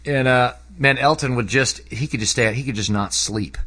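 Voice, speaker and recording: A man talking casually about a book he read, rambling with lots of fillers, his voice jumping up when he gets excited. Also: medium pitch, moderate pace, slightly rough. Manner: animated, voice jumps up when excited. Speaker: book reviewer. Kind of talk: casual spoken book review.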